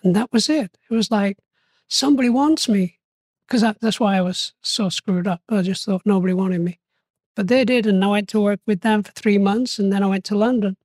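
Older man spinning animated tales, dry sound. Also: high-pitched, fairly quick, dry recording. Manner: animated, acts out quoted voices, laughs often. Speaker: interview guest. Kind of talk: storytelling interview.

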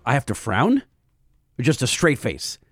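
A man co-hosting a truck podcast, joking with his co-host and reading ads in a lively, chatty way. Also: mid-range voice, normal speed, soft background music. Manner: lively, jokey, reads specs off a chart. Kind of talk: casual podcast chat and live ad reads.

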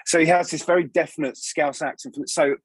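Male stage actor as interview guest, husky tone, dry close mic, chatty and digressive. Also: a little high, fairly even intonation, brisk, dry recording. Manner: rambling, self-interrupting anecdotes with many restarts. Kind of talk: casual interview storytelling.

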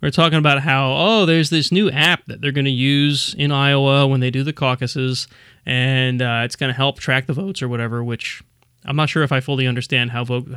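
A man's voice: mid-range voice, fairly even intonation, a little fast, fairly bright tone, clean tone, no echo, studio quality. A man hosting a podcast in casual chat, rambling through stories and laughing often. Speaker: podcast host.

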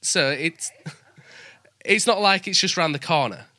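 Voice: medium pitch, unhurried, bright, forceful tone, dry recording. A British speaker in casual chat, dry and teasing. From United Kingdom.

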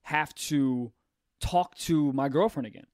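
A young comedian man speaks with emphasis and gets excited quickly. His slightly high voice heats up into profane rants. The recording is close and dry. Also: dry recording. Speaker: comedian, podcast co-host. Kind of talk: casual chat.

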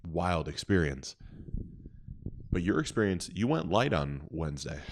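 A man with an extremely deep, low voice. He reflects on a past experience in loose, descriptive sentences, then turns the conversation back to his co-host. Casual podcast talk. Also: sing-song, measured pace.

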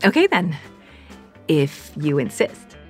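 A woman's voice: low-pitched, sing-song, takes it slowly, faint music behind, heavily acted. An actress playing a middle-aged widowed mother who talks about herself in a wry, self-mocking way.

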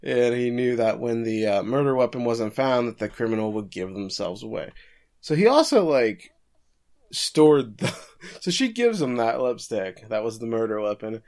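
A man's voice: medium pitch, sing-song, moderate pace, darkish tone. A man co-hosting a podcast, casually recapping an anime episode with frequent chuckles. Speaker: podcast co-host.

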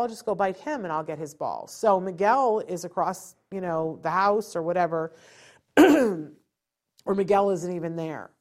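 Animated woman teaching parents. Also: medium pitch. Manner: animated, acts out quotes, asks rhetorical questions. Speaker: parent educator. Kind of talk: informal teaching talk.

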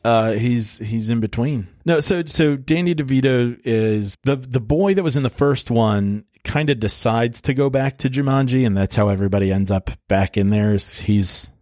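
A man's voice: mid-range voice, moderate pace, hardly any pauses, a little mellow, dry recording. Easygoing joking man on a dry mic. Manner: easygoing, joking, rambling plot summaries. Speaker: podcast co-host reviewing movies. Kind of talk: casual chat.

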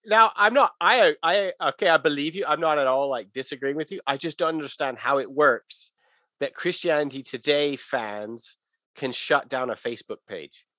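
A man hosting a podcast interview, asking quick, curious follow-up questions. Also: on the high side, pushed and bright, no room sound. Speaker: podcast host.

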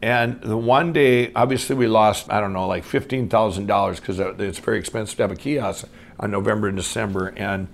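Gravelly, rambling middle-aged man. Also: lowish voice, a little fast, slight background noise. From Minnesota. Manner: rambling, full of restarts and "I'm going"; swings from excited to hushed. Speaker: guest storyteller. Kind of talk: unscripted personal storytelling.

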